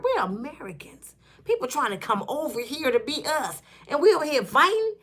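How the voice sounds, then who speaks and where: This channel host, a woman in her fifties, runs a casual commentary vlog where she jokes and stages little scenes. She talks fairly quickly in a high-pitched, very animated voice with a fairly bright tone.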